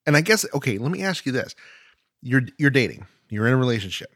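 A man's voice: mid-range voice, big pitch swings, fast talker, a bit bright, no echo, clean studio sound. A man hosting a podcast in casual chat, reading news articles aloud with playful mock drama. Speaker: podcast host.

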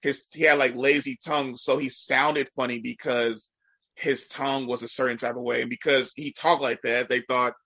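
A man chats casually, piling up fillers as he rambles through his story. His voice is bright and a little nasal, with a congested edge. The room is dry and close. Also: mid-range voice, little pitch movement, normal speed, husky, dry recording. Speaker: educator. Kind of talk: casual podcast chat.

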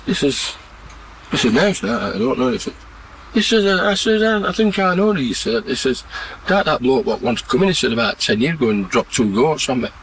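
A man's voice: mid-range voice, animated, brisk, a bit bright, rough recording. A man, a farmer telling blunt, earthy rural jokes outdoors and laughing at his own punchlines. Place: outdoors on a farm in mud and mist. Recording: field recording with background noise.

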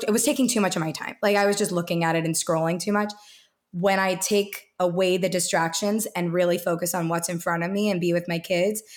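A woman in her thirties speaks as a podcast guest in a lowish voice. She talks in a halting, casual way, restarting sentences and leaning on fillers. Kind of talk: casual interview talk.

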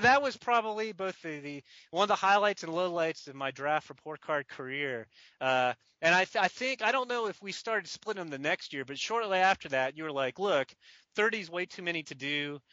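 A man casually telling a lively baseball story on a podcast, laughing often and playing out the phone calls. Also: high-pitched, moderate pace, no echo, lo-fi sound. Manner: animated storyteller, laughs often, does croaky voices. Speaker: baseball draft writer.

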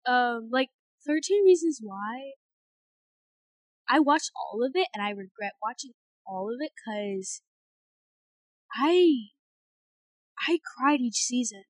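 A woman's voice: fairly high pitch, animated, slow, long pauses, dry recording. A teenage girl co-hosting a casual podcast chat, rambling with lots of fillers and giggles. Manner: chatty, filler-heavy, giggly. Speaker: podcast co-host.

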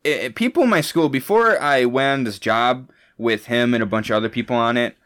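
A man's voice: mid-range voice, a little fast, a bit bright, clear, resonant tone. Young man chatting and jumping in. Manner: chatty, jumps in and interrupts. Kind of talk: casual chat.

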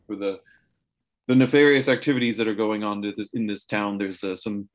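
A man's voice: fairly low pitch, steady tone, brisk, natural voice. A man voicing an earnest male investigator who warns a friend in urgent, stumbling speech. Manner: urgent, stumbling over words.

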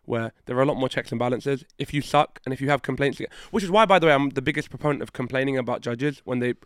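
A man co-hosting a podcast in casual chat, excitable and fond of swearing. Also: medium pitch, smooth, no room sound, studio quality. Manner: animated, swearing, fast and excitable. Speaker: podcast co-host.

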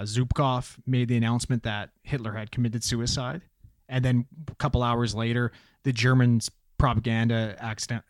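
A man's voice: mid-range voice, no room sound, studio quality. Blunt, swearing man in casual chat. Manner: profane, emphatic, blunt. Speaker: podcast co-host.

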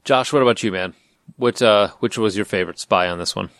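A man hosting a casual podcast chat, teasing his co-hosts and pausing with fillers. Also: on the low side, fairly bright tone, no echo, clean studio sound.

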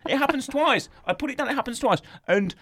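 A man chatting casually about a film, animated and jokey, acting out scenes. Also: very high voice, quick pace. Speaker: film reviewer. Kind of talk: casual chat.

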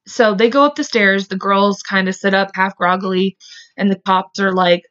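Female podcast host, casual true-crime storyteller, chatty and swears freely, mid-range voice, dull low-fidelity recording. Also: steady tone, normal speed, a bit bright. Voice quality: chatty, heavy on "like" fillers, swears when angry.

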